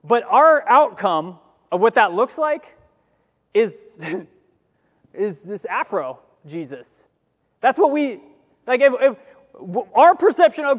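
A man preaching a sermon as pastor, conversational with joking asides and animated quoting. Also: high voice, takes it slowly, long pauses, big-room sound.

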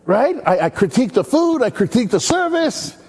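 Male pastor, high voice with big swings, chatty storytelling sermon. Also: a little fast, slightly rough. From Maui, Hawaii. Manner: energetic, chatty, storytelling with call-and-response. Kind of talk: animated sermon.

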